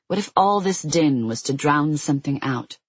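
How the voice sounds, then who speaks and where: An audiobook narrator telling a fantasy story in a steady, measured way. The voice is slightly husky and mid-pitched, recorded close and dry with no room sound. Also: no room sound, poor audio.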